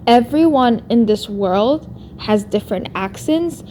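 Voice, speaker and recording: A woman's voice: fairly high pitch, lively intonation, measured pace, darkish tone, slight background noise. A woman with a non-American English accent, ranting at another creator in a vlog and filling her sentences with "like". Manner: exasperated, heavy use of "like". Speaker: YouTuber responding to another creator. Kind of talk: vlog rant.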